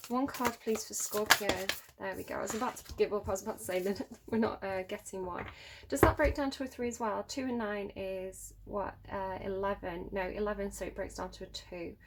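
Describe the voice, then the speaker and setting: A woman's voice: mid-range voice, very noisy. Musing woman tarot reader. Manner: musing, thinks aloud with many fillers. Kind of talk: tarot reading to camera. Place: home room near a road.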